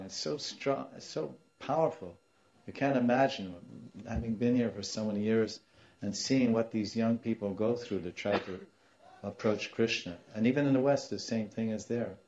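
Brief: male spiritual teacher, animated storyteller, lowish voice, muffled lo-fi tape. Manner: animated, acts out quoted voices, laughs now and then. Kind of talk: storytelling sermon.

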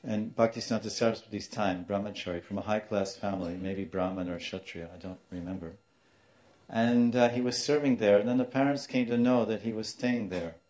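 A man giving a storytelling sermon as a spiritual teacher, animated and acting out voices in his tale, in a dull lo-fi recording. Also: lowish voice, fairly quick. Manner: animated, acts out quoted voices, laughs now and then.

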